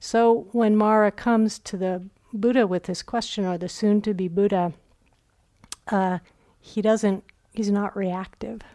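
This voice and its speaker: A woman's voice: medium pitch, steady tone, slow, mellow. A woman meditation teacher giving a dharma talk at a retreat center, telling stories reflectively and acting out quoted inner voices.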